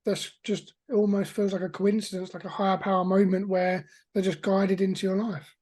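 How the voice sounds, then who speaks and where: A man's voice: high-pitched, little pitch movement, a little fast, darkish tone. A man hosting a podcast, asking reflective questions and affirming his guest. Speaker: podcast host. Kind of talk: interviewing.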